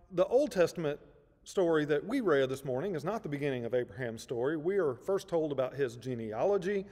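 A male pastor preaching a sermon in a measured, emphatic way, leaning on repetition for effect. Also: a little high, darkish tone, long reverb tail. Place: church sanctuary.

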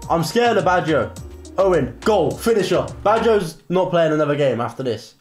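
A young man giving excitable live gameplay commentary, bursting into shouts and repeated cheers. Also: on the high side, moderate pace. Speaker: gaming creator. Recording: roomy echo with faint music.

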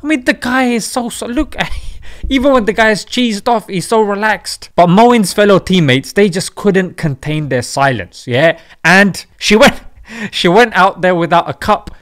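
Young man, high and bouncy voice, sarcastic vlog commentator who jokes and mocks. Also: expressive, a little slow, fairly bright tone. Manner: mocking, jokey, with emphatic asides. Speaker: channel host.

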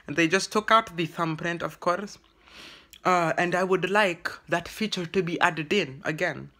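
Vlogger, comic in-character rant, bright edge, stammering, put-on broken English. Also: medium pitch. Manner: halting and rambling, full of stammered restarts. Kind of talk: comedic vlog monologue in character.

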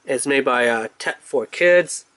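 A man's voice: mid-range voice, unhurried, clean tone, no room sound. Chatty man unboxing toys. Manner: chatty, rambling with fillers, excitable when revealing toys. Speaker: toy reviewer. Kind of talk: casual unboxing review.

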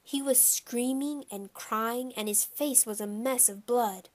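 A woman narrating a children's audiobook in a measured, storytelling first-person reading. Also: a little high.

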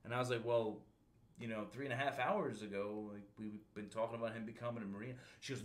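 Low-voiced male podcast host, a recruiter, animated, slangy storyteller. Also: quick pace. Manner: animated slangy storyteller, says bro and dude. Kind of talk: casual storytelling chat.

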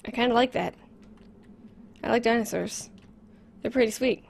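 A woman commenting on a horror game as she plays it, close to a desk microphone, nervous and repeating words in quick bursts. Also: a little high, vocal fry. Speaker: gameplay commentator.

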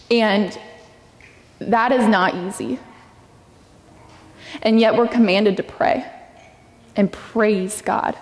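Young woman preaching in an echoey hall. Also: mid-range voice. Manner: earnest and personal, acting out prayers in a raised voice. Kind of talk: sermon. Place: church sanctuary. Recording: echoey hall with long reverb.

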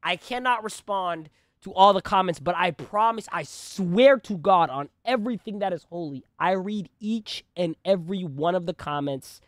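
A young man hosting a reaction channel, chatting casually and excitedly with lots of slang and swearing. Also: sits high, normal speed, no room sound, clean studio sound. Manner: slangy, animated, swears often.

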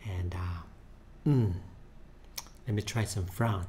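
Slow-talking man testing expressions. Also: deep voice, mellow, slight background noise. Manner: slow, hesitant, acts out expressions. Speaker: 3D animation hobbyist. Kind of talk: casual talk testing facial expressions. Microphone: studio microphone.

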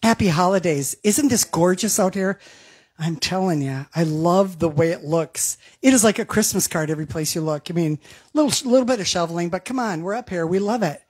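A woman's voice: on the low side, fairly quick, a little mellow, husky. A woman singer hosting an online holiday show, chatting casually between songs, laughing and reading out viewer comments. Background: backing music.

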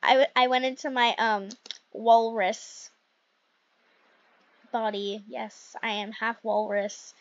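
High-voiced chatty young woman gamer. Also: slow, long pauses, dry recording, dull audio. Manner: chatty, rambling, excitable with frequent fillers. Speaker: gaming youtuber. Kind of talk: casual gameplay commentary.

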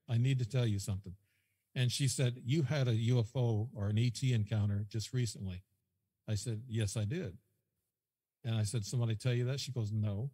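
Husky man telling a rambling story. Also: mid-range voice, steady tone, brisk, dark tone, in a large hall. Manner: rambling, repeats himself, quotes dialogue. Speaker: guest. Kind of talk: casual storytelling.

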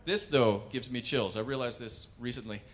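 A man performing wry, animated stand-up comedy on a cultural center stage. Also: medium pitch, moderate pace. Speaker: comedian and pianist.

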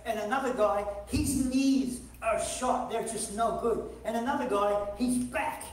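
A man preaching a sermon to a congregation, animated and jokey, often repeating words as he starts a phrase. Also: very high-pitched, measured pace, a little hiss or hum. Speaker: evangelist preacher. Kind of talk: sermon with humorous storytelling. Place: church sanctuary. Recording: echoey church hall from a distant mic.

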